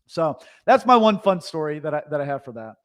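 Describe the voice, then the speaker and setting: A man who runs a Christmas lighting business, telling stories to viewers in an animated, chatty way. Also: fairly high pitch, a little fast. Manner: animated, chatty, with restarts and asides. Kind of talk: casual storytelling to viewers.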